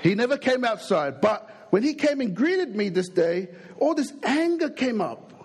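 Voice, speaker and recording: A young adult man with an Australian accent preaching a sermon, an animated, jokey storyteller who acts out the people in his stories. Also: very high-pitched, unhurried, background noise.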